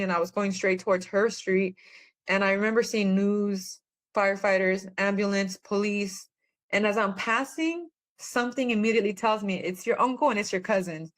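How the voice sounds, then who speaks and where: A woman's voice: mid-range voice, fairly bright tone. A woman, a guest on a podcast, telling her own story in a rambling, earnest way with many fillers. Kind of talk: personal testimony in conversation.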